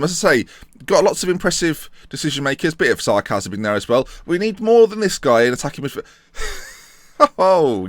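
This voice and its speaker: A man's voice: fairly high pitch, a bit bright, no echo, studio quality. A man giving casual, jokey commentary on a video game, reading the game's text aloud and muttering asides. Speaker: gaming YouTuber. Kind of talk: casual let's-play commentary.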